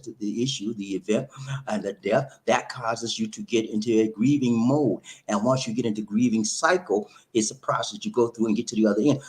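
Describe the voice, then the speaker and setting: A man giving casual, preachy relationship advice, repeating himself and often calling the listener "man". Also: mid-range voice. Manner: animated, repetitive, preachy, says "man" often. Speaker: relationship talk host. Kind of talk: casual monologue to camera.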